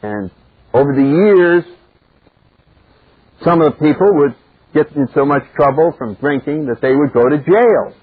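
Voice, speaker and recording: A man gives a relaxed, storytelling talk at a recovery meeting, drifting into funny anecdotes in a folksy, conversational tone. His voice sounds slightly husky. The recording is thin and phone-like, like an old cassette of a live talk. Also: a little high, unhurried, long pauses, dry recording. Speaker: speaker at a twelve-step meeting.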